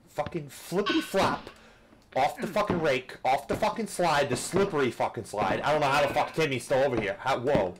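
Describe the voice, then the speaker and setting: A man giving profane, frustrated commentary over a game, ranting and cursing, swinging between yelling and muttering. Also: mid-range voice, noisy background. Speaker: gaming youtuber.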